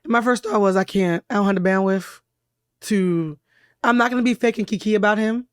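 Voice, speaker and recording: Hoarse chatty woman podcast host. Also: mid-range voice, brisk, dry recording, studio quality. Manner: chatty and expressive, storytelling. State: hoarse from laryngitis. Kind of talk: casual chat. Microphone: studio mic.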